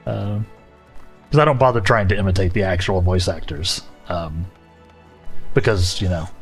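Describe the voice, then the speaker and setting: Rambling Southern-accented streamer. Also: male voice, on the low side. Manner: rambling, self-correcting, chuckling. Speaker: livestreamer. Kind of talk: casual gaming livestream chat. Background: faint game music.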